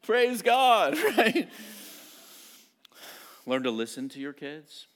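A middle-aged man preaching a sermon as pastor, telling family stories in an animated, self-mocking way. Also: sits high, slow.

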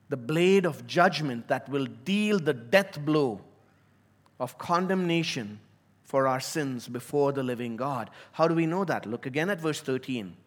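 A man preaching a sermon as a pastor, earnest and emphatic, slowing down to stress key words. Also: medium pitch.

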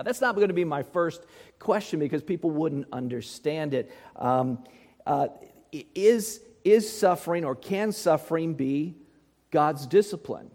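A man's voice: on the high side, moderate pace, a little mellow, long reverb tail. A male pastor preaching a sermon in a conversational way, often putting rhetorical questions to his listeners.

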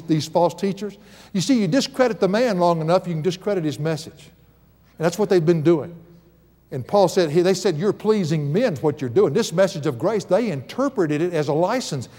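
A man's voice: fairly high pitch, mellow. A middle-aged man preaching a sermon in a church, emphatic and conversational, with folksy asides and humor. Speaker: pastor. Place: church sanctuary. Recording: long hall reverb.

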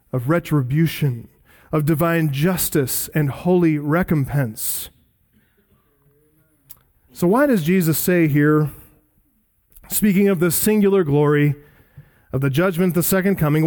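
Man preaching a sermon, high voice, emphatic, swings loud and low.

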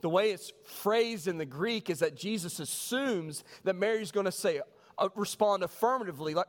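A man, a pastor, preaching a sermon with animated storytelling. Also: high voice, moderate pace. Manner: animated storytelling, voices quoted people. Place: church sanctuary. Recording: long reverb of a church hall.

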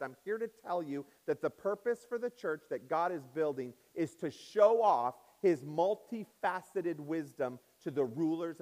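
A man preaching to his congregation in a church sanctuary, his voice sitting a little high for a man. He rises and falls in pitch and volume and draws out the words he stresses. A long reverb trails behind him. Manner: preaches with swings in pitch and loudness, drawn-out stresses. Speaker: pastor. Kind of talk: sermon.

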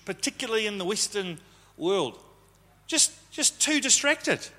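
Man preaching, high voice, bright tone, long hall echo. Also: very animated, a little slow. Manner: conversational, teasing the congregation. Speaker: pastor. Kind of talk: sermon. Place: church hall. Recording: live sermon with long hall reverb.

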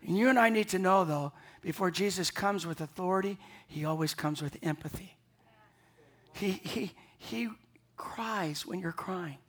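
A man's voice: sits high, unhurried, fairly bright tone. Earnest preacher man mid-sermon. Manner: earnest, emphatic, repeats himself when building a point. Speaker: pastor. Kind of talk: Easter morning sermon.

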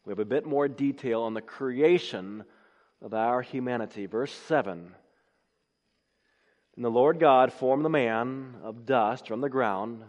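A man's voice: medium pitch, a little slow, a little mellow, lo-fi sound. Man preaching a sermon in a reverberant hall. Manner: emphatic, builds to rising exclamations.

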